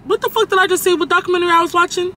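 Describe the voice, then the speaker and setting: Fast-talking, bright-voiced young man vlogging. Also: extremely high pitch, slight background noise, low-quality recording. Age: young adult. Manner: animated, profane, jumps between topics. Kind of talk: casual storytime while driving. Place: inside a car.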